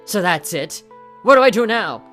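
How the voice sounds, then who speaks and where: A woman's voice: mid-range voice, lively intonation, moderate pace, fairly bright tone, faint music behind, close to an everyday voice. A woman voicing an anxious teenage boy who loves digging, pleading and upset, read aloud from a game.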